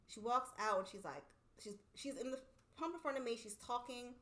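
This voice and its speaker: A woman's voice: on the high side, a little fast. A woman co-hosting a casual podcast, telling a story with lots of swearing and acted-out quotes. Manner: animated storytelling, swearing freely, acting out quotes. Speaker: podcast co-host. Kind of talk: casual chat.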